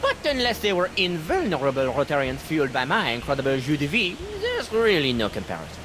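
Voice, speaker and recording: A pompous mad scientist. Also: male voice, fairly high pitch, huge pitch swings, a little fast, noisy background. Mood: haughty. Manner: grandiose, boastful. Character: pompous male mad scientist villain, boastful.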